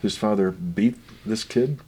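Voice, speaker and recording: Low husky older man telling stories. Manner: gentle, unhurried, trails into quiet. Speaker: guest author. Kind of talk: reflective family storytelling.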